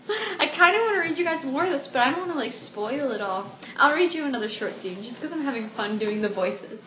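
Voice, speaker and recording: A woman's voice: high-pitched, expressive, fairly quick, hardly any pauses. A woman vlogger chatting casually and mocking herself in a giggly way, in a room at home. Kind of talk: casual vlog chat. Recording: roomy dull home video with faint hiss.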